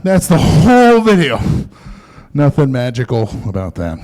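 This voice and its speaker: A male stand-up comic works a comedy club crowd, loose and profane in a conversational style, mocking the voices he quotes. His mid-range voice has huge pitch swings, a measured pace, and a darkish tone.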